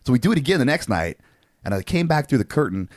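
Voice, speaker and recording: A man in his forties, co-hosting a podcast, telling a story in a casual, animated way with lots of swearing and fillers. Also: medium pitch, fast, dry recording, clean studio sound. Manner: animated, profane, frequent fillers. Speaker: podcast co-host.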